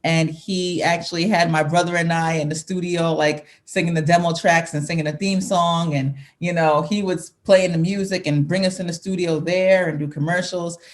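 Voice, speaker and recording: A woman's voice: lowish voice, fairly even intonation, moderate pace, hardly any pauses. A woman in her thirties, a singer talking as an interview guest, reminiscing casually, laughing often and restarting her sentences.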